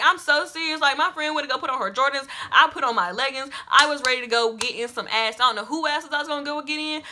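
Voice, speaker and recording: A young woman telling a personal story in a storytime vlog, animated and emphatic, repeating lines for effect and swearing casually. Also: sits high. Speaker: vlogger.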